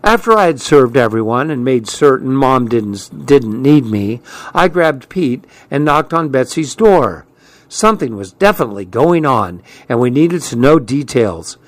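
A man reading a first-person story aloud as an audiobook narrator, with steady storytelling delivery. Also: medium pitch, measured pace, dry recording. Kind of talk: scripted narration.

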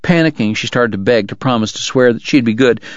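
A man narrating a novel aloud for a radio book program, in a measured, dramatic delivery. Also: medium pitch, no room sound, muffled recording. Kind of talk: audiobook narration.

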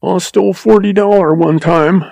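A cringing little telegraph agent blubbers and pleads in a high, shaky voice, as a man reads him out. His words crack upward with a gravelly edge underneath. It sounds dry and close, like a storybook reading. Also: moderate pace, dark tone, dry recording, full character voice. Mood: terrified pleading. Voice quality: quavering, blubbering.

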